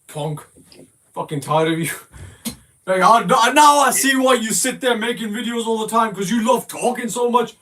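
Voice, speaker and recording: A man's voice: extremely high pitch, animated, normal speed, a bit bright. A man in a voice call, trash-talking and swearing at another player in a mocking, insulting way. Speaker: gamer in a voice call. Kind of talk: casual trash talk.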